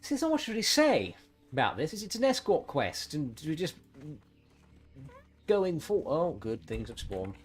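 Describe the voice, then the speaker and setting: A man's voice: fairly high pitch, wildly swooping pitch, normal speed. A man giving sarcastic, exasperated running commentary while streaming a game. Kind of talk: live gameplay commentary.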